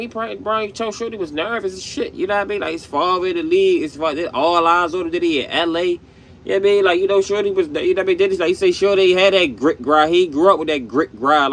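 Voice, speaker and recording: A man hosts his own show and reacts to clips in loose, slangy commentary, packed with fillers and asides. His voice sits a touch high for a man. A faint hiss of background noise hangs under the recording. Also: a bit bright. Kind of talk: casual commentary.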